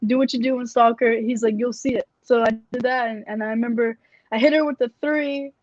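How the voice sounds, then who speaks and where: A woman's voice: on the high side, steady tone, a little fast, a little mellow, no room sound. A young woman, a fighter guest in a casual interview, telling her story candidly with plenty of swearing. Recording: dry, dull lo-fi audio.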